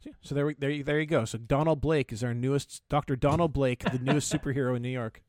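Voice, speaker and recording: A man co-hosting a casual podcast chat, talking in halting bursts with many stammered restarts. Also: medium pitch, steady tone, darkish tone, dry recording, clean studio sound. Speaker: podcast co-host.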